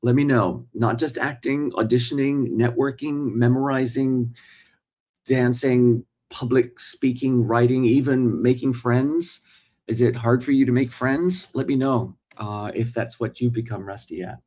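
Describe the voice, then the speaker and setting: A man's voice: mid-range voice, fairly even intonation, a little slow, darkish tone. A man in his forties, a working actor, hosting a casual live morning stream and chatting straight to his viewers. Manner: chatty, talks straight to viewers and reads their comments.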